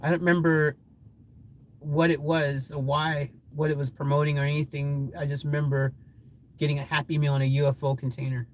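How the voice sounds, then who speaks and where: A man chatting casually on a livestream, reading out chat comments and rambling excitedly with frequent laughter. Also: fairly high pitch, brisk, low-quality recording.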